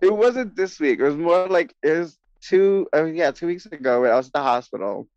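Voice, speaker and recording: Expressive man telling a funny story. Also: a little high, no echo, lo-fi sound. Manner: laughing, expressive, quick asides. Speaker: podcast co-host. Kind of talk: casual chat.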